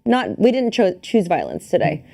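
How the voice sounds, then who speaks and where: A woman's voice: fairly low pitch, huge pitch swings, moderate pace, gravelly, warm tone. A woman co-hosting a podcast in casual, playful chat, laughing often. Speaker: podcast co-host.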